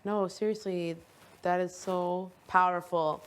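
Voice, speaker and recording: A woman chatting casually as a reality show houseguest, animated, quoting others and swearing freely. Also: fairly low pitch, measured pace, clean tone. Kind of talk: casual chat.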